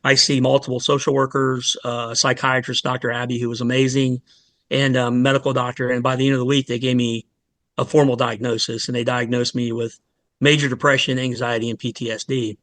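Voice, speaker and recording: A middle-aged man, a fire lieutenant, telling his story in a candid podcast interview, earnest and halting with many pauses. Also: mid-range voice, flat delivery, fairly bright tone, no room sound. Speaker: fire department lieutenant, guest.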